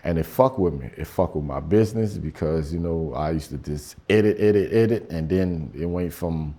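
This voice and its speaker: A man's voice: sits low, normal speed, warm tone. A man doing stand-up storytelling in loose, profane, conversational slang. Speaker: stand-up comedian. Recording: live show with audience laughter.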